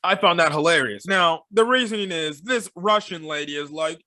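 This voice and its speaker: Bright-voiced man rambling through a review. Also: on the high side, normal speed, hardly any pauses, dry recording, studio quality. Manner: rambling, full of fillers and sarcastic asides. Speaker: film reviewer. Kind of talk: casual spoken film review.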